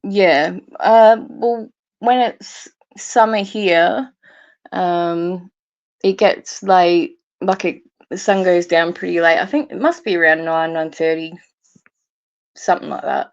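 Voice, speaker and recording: A woman's voice: lowish voice, slow pace, no echo, lo-fi sound. A woman with a cold chatting with a friend on a video call, easygoing and laughing often. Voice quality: rough, gravelly voice. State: sick with a cold. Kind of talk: casual chat.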